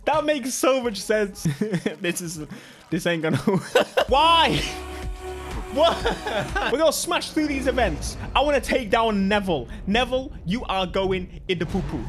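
A young man with a British accent talks through a racing game in an excitable, joking way, laughing often. His voice sits high for a man. Loud game music plays under his commentary. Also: measured pace. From Britain. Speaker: gaming YouTuber. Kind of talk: gameplay commentary.

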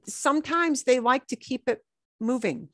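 A middle-aged woman teaching Spanish on a video call, chatty and easygoing. She slips Spanish phrases into her English and repeats them slowly. The sound is dry and close, with no room echo. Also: sits high, lively intonation, fairly bright tone. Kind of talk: online class lesson.

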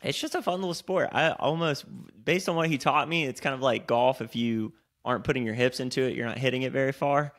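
Dude with a gravelly voice, podcast co-host, swears a lot, really animated storyteller. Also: male voice, medium pitch, brisk, hardly any pauses. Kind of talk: casual chat.

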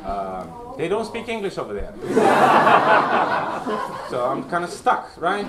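A man's voice: fairly high pitch, big pitch swings, a little slow. A man from Romania doing stand-up comedy in a small basement club, teasing the crowd and checking in with them. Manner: playful, teasing, checks in with "right?". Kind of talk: stand-up set with crowd work. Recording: echoey room mic from far off, loud crowd and noise.

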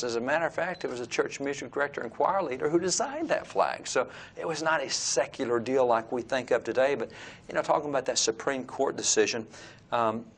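Man, Texan accent, earnest lecturing tone, interview guest, room full of old books. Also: mid-range voice. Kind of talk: informal explanatory talk. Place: room surrounded by old textbooks.

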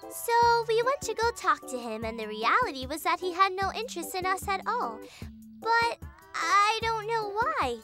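A woman's voice: extremely high pitch, expressive, normal speed, music in the background. An actress voicing a cheerful, slightly vain young girl in a children's cartoon, telling her story in a chirpy voice.

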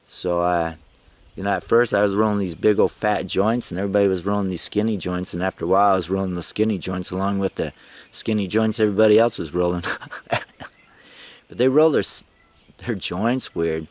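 A middle-aged man talks through a casual travel vlog in a low voice. He rambles from one story to the next and chuckles as he goes. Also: fairly quick, no room sound. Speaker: travel vlogger.

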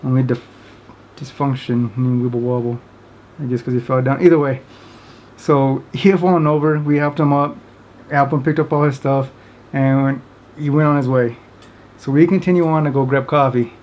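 A man's voice: mid-range voice, steady tone, moderate pace, long pauses, a little mellow, dull audio. A man casually telling a funny story to camera, rambling with many fillers and often breaking into laughter. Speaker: vlogger.

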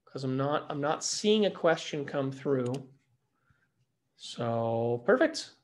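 A man co-hosting a casual live webinar, answering grower questions in a relaxed, explanatory way and repeating phrases as he thinks, heard over a video call microphone. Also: medium pitch, slow pace.

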